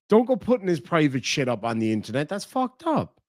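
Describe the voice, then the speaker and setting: A man's voice: on the high side, big pitch swings, brisk, a little mellow, no echo, clean studio sound. A man with an Irish accent giving profane, mocking reaction commentary on a stream.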